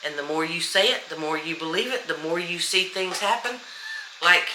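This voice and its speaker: A woman's voice: fairly low pitch, moderate pace, pushed and bright, roomy sound, slight background noise, low-quality recording. A woman coaching viewers in casual motivational talk, blunt and to the point, repeating affirmations. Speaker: manifestation coach.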